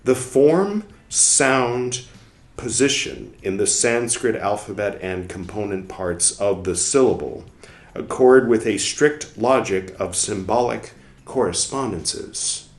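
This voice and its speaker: A man reading a book aloud for a podcast, carefully and deliberately, now and then adding wry muttered asides. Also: fairly low pitch, expressive. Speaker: podcast reader. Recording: roomy echo.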